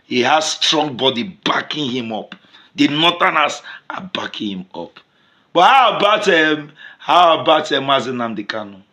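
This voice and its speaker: A man's voice: expressive, normal speed. Fiery Nigerian man ranting to camera. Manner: emphatic, repetitive, swings between loud outbursts and low mutters. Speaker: vlogger. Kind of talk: impassioned commentary to camera.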